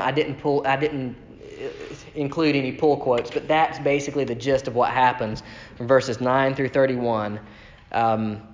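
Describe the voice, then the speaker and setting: A man delivers a sermon in an easy, conversational way, stopping to read scripture passages aloud. His voice sits a little high for a man. The sound carries a long, roomy reverb, as if it were picked up in a large church sanctuary. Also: fairly bright tone. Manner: conversational, reads scripture aloud, acts out quoted complaints with rising pitch. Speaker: preacher. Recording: echoey hall with long reverb.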